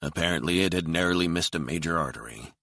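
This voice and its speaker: A man narrating a thriller audiobook in a steady, measured reading. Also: deep voice, dry recording, clean studio sound.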